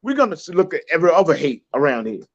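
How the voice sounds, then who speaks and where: Man, high voice, rambling and halting, muffled lo-fi sound. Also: very animated, a bit bright. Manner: rambling, many fillers and restarts, laughs often. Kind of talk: casual podcast talk.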